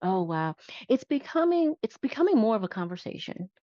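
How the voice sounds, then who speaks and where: A little high, very animated and brisk, a woman psychiatric nurse practitioner talks as an interview guest, explaining her practice in plain step-by-step fashion. The conversational exchange comes through in a dull, dry, lo-fi recording.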